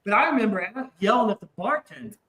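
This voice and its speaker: A man's voice: high voice, fast, roomy sound, crowd noise, low-quality recording. A man casually telling a wild story, swearing often and acting out the voices of the people in it. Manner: animated, profane, acts out voices in his story. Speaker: podcast guest.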